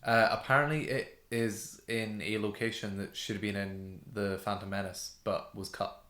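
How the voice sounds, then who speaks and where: A man co-hosting a podcast, casually chatting about TV with quick replies and self-mocking remarks. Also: on the low side, fairly even intonation, a bit bright. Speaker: podcast co-host. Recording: roomy echo.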